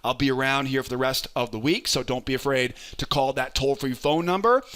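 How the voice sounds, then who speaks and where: A man hosting a trading lesson, walking through charts in an energetic, coaching way and often checking in with "right?". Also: medium pitch, brisk. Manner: energetic, keeps asking "right?"; coaching, urges patience. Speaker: trading educator and host.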